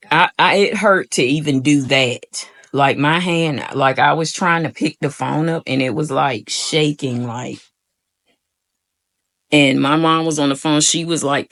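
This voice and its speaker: Gravelly-voiced young woman vlogging. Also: sits low, unhurried. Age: young adult. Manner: rambling, frequent "like" fillers, addresses viewers as y'all. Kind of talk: casual storytelling to camera.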